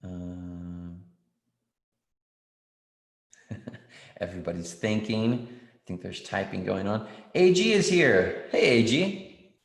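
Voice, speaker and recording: A man's voice: sits low, animated, slow, gravelly, long pauses. A man teaching an online writing class for children, encouraging and reading out student answers with frequent ums. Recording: roomy echo.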